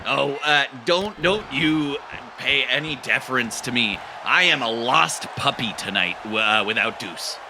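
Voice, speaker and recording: Brief: man calling comedy wrestling, rambling deadpan delivery, lively pitch, noisy recording. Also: a little slow. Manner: deadpan, rambling, full of fillers. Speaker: play-by-play commentator. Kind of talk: improvised comedy wrestling commentary. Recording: noisy background.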